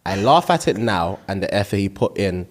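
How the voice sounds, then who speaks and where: Speaking at a moderate pace in a low voice, this animated podcast co-host keeps the chat casual, reading out listener comments and frequently breaking into laughter.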